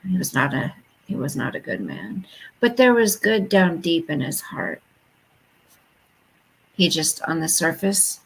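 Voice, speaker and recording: A woman's voice: fairly low pitch, vocal fry, husky, poor audio. A woman hosting a live stream, chatting casually with viewers and reading their comments aloud. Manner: reads viewer comments aloud and chats back.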